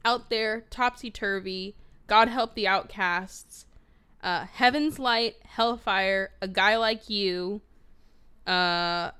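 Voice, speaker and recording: A woman's voice: medium pitch, slow pace, sharp tone, clear, resonant tone. Woman hosting a podcast, sarcastic, swears a lot, casual chat. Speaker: podcast host.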